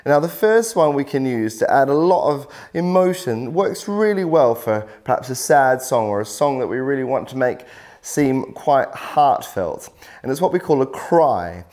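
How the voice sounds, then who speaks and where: A man's voice: medium pitch, big pitch swings, moderate pace, a little mellow. A man teaching singing in an instructional video workshop, explaining in an encouraging way. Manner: encouraging, explains with many "lovely" and "little". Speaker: vocal coach.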